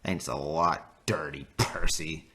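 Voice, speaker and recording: A man's voice: deep voice, moderate pace, very noisy, lightly acted. A man voicing a cross, rude male steam engine in a toy train story. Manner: cross and snappish.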